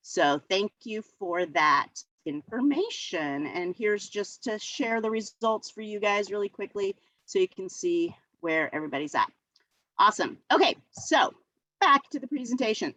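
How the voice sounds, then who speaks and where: A woman's voice: mid-range voice, fairly bright tone, dry recording, poor audio. Chatty woman teacher presenting online. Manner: chatty, many fillers and restarts. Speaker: middle school art teacher presenting a workshop. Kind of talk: virtual workshop presentation. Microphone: video call.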